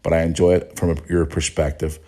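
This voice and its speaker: An Irish man with a low, dark voice chats casually as a podcast host. He speaks bluntly, swears freely and chuckles often as he reads out listener messages. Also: level tone, fairly quick.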